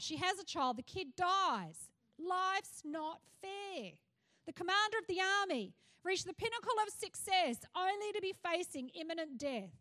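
High-voiced Australian woman pastor preaching. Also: pushed and bright. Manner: passionate preaching, rising to fervent cries. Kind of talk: sermon.

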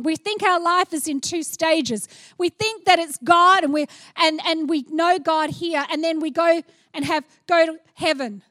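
A middle-aged woman preaching a sermon, animated and playful, acting out little scenes as she goes. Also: very high-pitched, dry recording, studio quality.

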